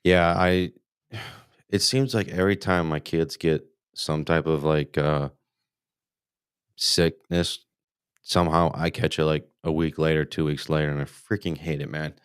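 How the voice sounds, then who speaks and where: A man with a very deep, steady voice speaks at a measured pace, recorded cleanly in a studio with no echo. He's an American hosting a casual live hunting podcast, rambling, cursing freely and restarting his sentences often.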